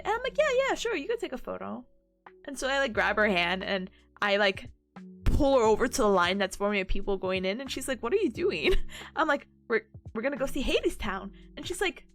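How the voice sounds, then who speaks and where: A giggly woman streamer with a high, bright voice that leaps around as she tells a story. She chats casually, bubbly and quick to laugh, her voice a little worn from long talking, with faint music playing behind her. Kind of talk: casual chat.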